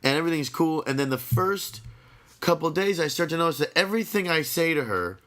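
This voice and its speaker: A man's voice: a little high, lively intonation, brisk, a bit bright. A man co-hosting a podcast, teasing his friend and asking eager questions in casual chat. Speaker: podcast co-host.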